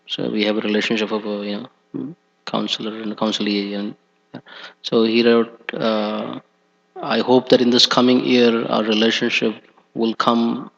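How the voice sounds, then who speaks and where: A man's voice: medium pitch, creaky, fairly bright tone. A man giving a scripture class in a temple hall, talking hesitantly with many fillers. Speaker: class speaker. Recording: dull echoey hall recording.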